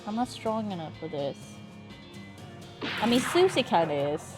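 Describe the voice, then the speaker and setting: Animated young woman streamer. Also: medium pitch, measured pace, over music. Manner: animated, swears freely, talks straight to chat. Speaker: live streamer. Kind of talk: casual gaming stream chat.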